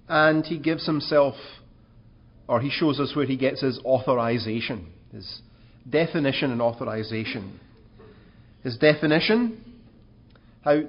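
A man's voice: mid-range voice, breathy edge, lo-fi sound. A man preaching a sermon in an earnest way, asking rhetorical questions and rising in emphasis.

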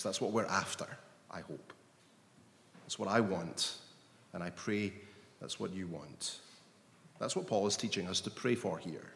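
A man preaching a sermon slowly and emphatically, his voice swelling with intensity on key phrases. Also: mid-range voice, fairly bright tone. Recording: long hall reverb.

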